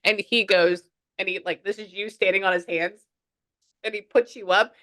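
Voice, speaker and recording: A woman working as a spiritual medium, chatting through a reading and relaying messages in quoted asides, swinging from excited exclamations to hushed murmurs. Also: mid-range voice, normal speed, no room sound.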